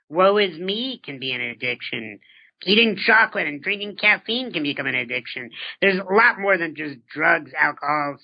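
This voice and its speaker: A man's voice: a little high, vocal fry. A man in his thirties, an interview guest, talking earnestly and reflectively, often posing rhetorical questions and repeating words as he starts a thought. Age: 30s. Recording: dull lo-fi recording.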